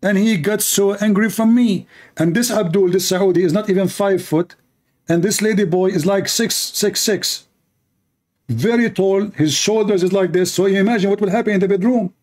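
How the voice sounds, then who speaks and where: A man's voice: high voice, moderate pace, darkish tone. A man answering viewer questions in a casual monologue, sarcastic and mocking, speaking English with non-native grammar. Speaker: online commentator answering questions.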